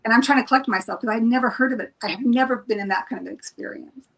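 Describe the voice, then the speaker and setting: A woman's voice: on the high side, quick pace, gravelly, a bit bright, rough recording. A woman, a psychic reader guest, retelling a personal experience in a casual, emotional way, with many restarts and acted-out quotes. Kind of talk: casual storytelling on a live stream.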